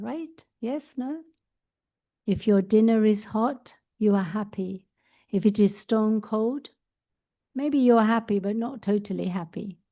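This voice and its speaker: A woman meditation teacher giving a spiritual talk, telling a story in a gentle, unhurried way. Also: medium pitch.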